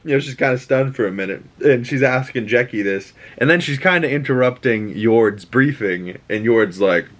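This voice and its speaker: A man's voice: mid-range voice, lively intonation, moderate pace, few pauses, a bit bright. A young man with a Boston accent hosting his own show, casually recapping a TV episode and ranting profanely, acting out the characters' lines in shifting voices. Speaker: show host.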